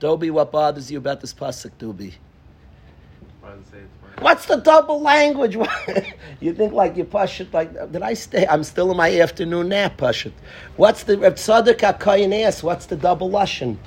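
A man, a yeshiva rabbi, giving an informal Torah lesson to students, animated, acting out little dialogues, calling on students by name and repeating phrases for emphasis. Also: high voice, normal speed, a little hiss or hum.

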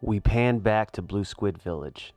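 A man's voice: fairly low pitch, a little slow, a little mellow, faint music behind. A man narrating as game master in a tabletop game, describing scenes with many fillers.

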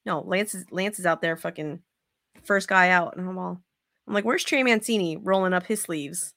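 A woman's voice: on the low side, normal speed, vocal fry, no room sound, studio quality. A woman hosting a casual sports podcast, cursing freely and acting out players' voices. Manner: profane, animated, acts out quotes. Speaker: podcast host.

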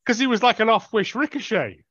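A man's voice: high voice, animated, fairly quick, sharp tone, breathy edge, no room sound. A man co-hosting a podcast in casual banter, laughing and swearing as he rambles. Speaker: podcast co-host. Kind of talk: casual chat. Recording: dull, dry lo-fi sound.

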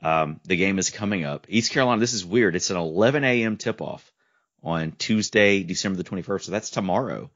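A man's voice: low-pitched, a little fast, a bit bright. A man hosting a casual sports podcast, joking and easygoing as he runs the segments. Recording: dull lo-fi audio.

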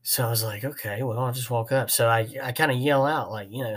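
Talking fairly quickly with few pauses, a podcast host who's an HVAC technician rambles through a work story in a folksy style peppered with fillers. His voice is medium in pitch with fairly even intonation.

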